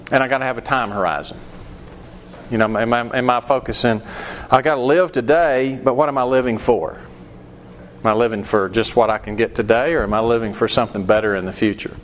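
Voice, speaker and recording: A man's voice: medium pitch, a little fast, a little hiss or hum. Conversational man teaching a Bible class. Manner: conversational, acts out quoted voices, poses questions to class. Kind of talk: Bible study lesson.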